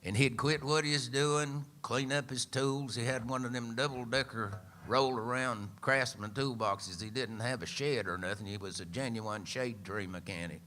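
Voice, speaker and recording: A man's voice: mid-range voice, steady tone, normal speed, sharp tone, slight background noise. A man in his seventies with an East Tennessee accent, telling a folksy, dry-humored story live on a radio show. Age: 70s. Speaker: singer-songwriter and storyteller.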